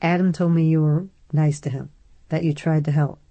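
A woman's voice: deep voice, fairly even intonation, normal speed, dark tone, dry recording. A woman voicing an earnest, protective young woman. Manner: earnest and direct.

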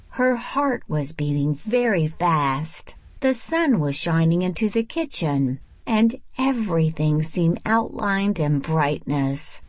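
A woman reading a storybook aloud in a measured, expressive narration. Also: low-pitched, no room sound. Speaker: audiobook narrator.

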